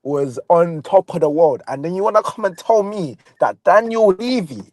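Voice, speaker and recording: A young man, speaking in a fairly high voice and piling on slang with constant "bro" and "you understand". His delivery is animated and insistent. The sound is dry and close, as if from a call mic. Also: normal speed, no echo. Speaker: guest fan. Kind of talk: excited casual football chat.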